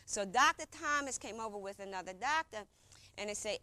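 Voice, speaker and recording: Bright, dry-voiced woman telling a story. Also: mid-range voice, expressive, brisk, no echo. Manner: informal, repeats herself, acts out what others said. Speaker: storyteller recounting a personal experience. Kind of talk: conversational personal storytelling.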